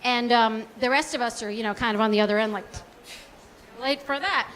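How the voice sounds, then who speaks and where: A woman's voice: on the high side, fairly quick, fairly bright tone, a little hiss or hum. A woman in her forties doing a stand-up comedy set, chatty and self-deprecating, full of likes and ums. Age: 40s. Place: small comedy club stage.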